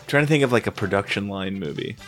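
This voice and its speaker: A man guesting on a podcast, wry and quick to laugh during casual chat. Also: fairly low pitch, faint music behind.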